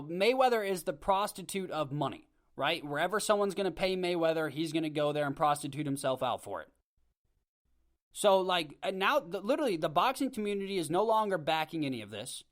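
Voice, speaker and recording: A man hosts his podcast from a home microphone, ranting with blunt conviction. His voice sits a little high, and he stumbles and restarts as his thoughts run ahead of him. The tone is casual and opinionated throughout. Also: expressive, fairly quick. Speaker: podcast host. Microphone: home podcast mic.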